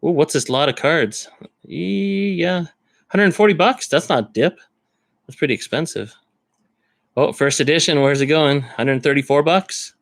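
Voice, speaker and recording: A man's voice: on the high side, unhurried, creaky, dry recording. A man rambling in casual live-stream chat, thinking aloud as he browses card listings. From Canada.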